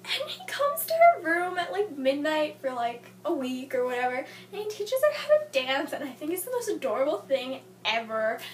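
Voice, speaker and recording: A woman's voice: high voice, big pitch swings, moderate pace, few pauses, slight background noise. Bubbly young woman gushing over a book. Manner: gushing, exasperated, talks back at the characters. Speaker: book vlogger. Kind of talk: casual book review vlog. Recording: echoey room, mic at a distance.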